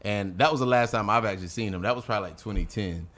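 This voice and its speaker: Profane, animated storytelling man from North Carolina. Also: on the low side, racing. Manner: animated, profane storyteller who acts out quotes. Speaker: guest rapper. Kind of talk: casual podcast storytelling.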